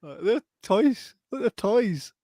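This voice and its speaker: A man's voice: high-pitched, sing-song, slow, mellow, no echo, studio quality. A man with a Scottish accent, co-hosting a watch-along podcast and laughing constantly between short remarks. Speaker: podcast co-host. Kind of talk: casual watch-along chat.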